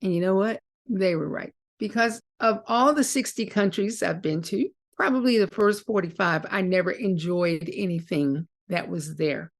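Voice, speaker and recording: A middle-aged woman with a gravelly, low-edged voice, speaking at an ordinary pitch. She tells her stories with energy and brings the other people in them to life as she speaks. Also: moderate pace, hardly any pauses. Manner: animated storyteller acting out quoted dialogue. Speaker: guest, author. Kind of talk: storytelling interview.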